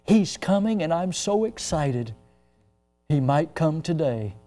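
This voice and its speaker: A man preaching a sermon, quoting a frail old man in a quiet, earnest way. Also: a little high, sing-song, takes it slowly, soft background music.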